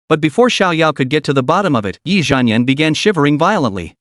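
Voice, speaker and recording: Male narrator, scripted story recap, lively swinging pitch, dry close sound. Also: quick pace, few pauses, dry recording.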